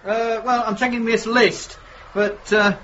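A man's voice: extremely high pitch, little pitch movement, a little slow, a bit bright. An actor playing a polite male teacher who is hesitant and mildly impatient. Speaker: schoolteacher. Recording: dull lo-fi TV sound, faint hiss.

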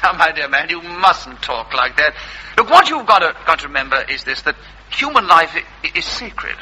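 A polite, overwrought vicar with a bright, slightly high voice. He swings up and down in pitch as he tries to keep his patience. Faint hiss runs under him. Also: very animated, normal speed, heavily acted, poor audio. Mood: earnest sermonizing. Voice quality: genteel, formal, apologetic. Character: polite, flustered, long-suffering male vicar. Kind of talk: sketch comedy acting.

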